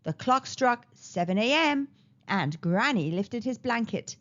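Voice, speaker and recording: Animated sing-song storybook woman. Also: mid-range voice, normal speed. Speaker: children's story reader. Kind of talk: read-aloud storybook narration. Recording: slightly dull lo-fi recording.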